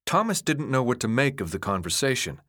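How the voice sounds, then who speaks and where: Man, audiobook narrator, scripted narration, expressive, mid pitch, lively intonation. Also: a little fast. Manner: expressive storytelling.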